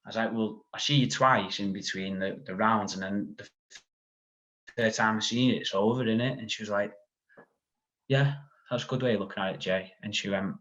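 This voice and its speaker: Guy rambling thru a story, lots of "like", lowish voice, kinda muffled audio. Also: fairly even intonation, fairly quick, a bit bright. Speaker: podcast guest. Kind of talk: casual chat. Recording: dull lo-fi sound.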